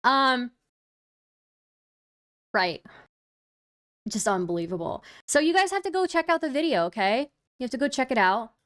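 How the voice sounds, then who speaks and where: A woman's voice: high voice, very animated, normal speed, pauses often, a bit bright. Sarcastic, exasperated young woman streamer. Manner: sarcastic, exasperated, swears freely. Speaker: streamer reacting to clips. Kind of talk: casual reaction commentary.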